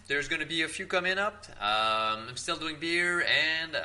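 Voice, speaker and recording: A man hosting his own vlog, tasting wine at home in his apartment and talking in a relaxed, rambling way with many fillers. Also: on the high side, normal speed, low-quality recording. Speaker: host of a drink-tasting channel.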